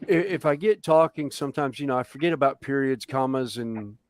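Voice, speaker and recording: A man with a Southern American accent, chatting casually and telling stories with an animated delivery. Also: mid-range voice, a little fast. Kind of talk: casual chat.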